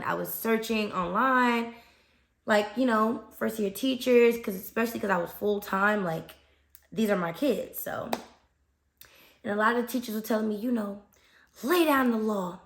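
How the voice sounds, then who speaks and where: A woman's voice: mid-range voice, moderate pace. Chatty young woman teacher, echoey room. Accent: American. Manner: chatty, animated, frequent "okay?" check-ins. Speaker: podcast host and fifth grade teacher. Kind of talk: casual advice talk.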